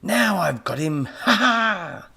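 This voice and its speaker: A man voicing a scheming villainous professor who snaps and gloats in drawn-out words in a storybook. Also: mid-range voice, very animated, gravelly, breathy edge, pitched above the performer's own voice, full character voice. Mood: nasty.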